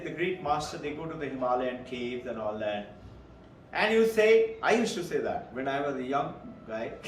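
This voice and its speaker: A man giving a Vedanta lecture as a spiritual teacher, earnest and storytelling, repeating phrases for emphasis. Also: a little high. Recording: roomy echo, distant mic, faint hiss.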